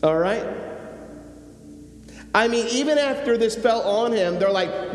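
In a church sanctuary with an echoey hall and faint hum, a pastor with a high, somewhat mellow voice preaches at a moderate pace with long pauses. He tells a personal story, acting out its characters, then rises to emphatically urge his church.

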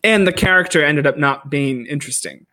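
A man in casual podcast chat giving critical, animated opinions on movies. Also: on the high side, a little fast.

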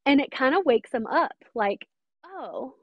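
A woman's voice: sits high, animated, moderate pace, muffled recording. A woman mentor talking earnestly and emphatically in an interview. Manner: earnest, emphatic, quotes others often. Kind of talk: interview conversation.

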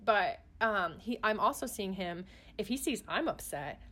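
A chatty woman talking in an earnest, relaxed way, with plenty of "um"s and false starts. Her pitch sits in the middle for a woman. She sounds like a parent sharing tips in a casual conversation. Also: unhurried. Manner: chatty, earnest, many fillers and restarts. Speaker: parent guest on a podcast. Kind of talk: casual chat.

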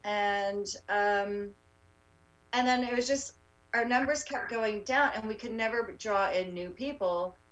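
A woman, a rally organizer, tells her story in a casual interview, halting often with fillers and restarts. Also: medium pitch, recorded from a distance, highs cut off. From Canada.

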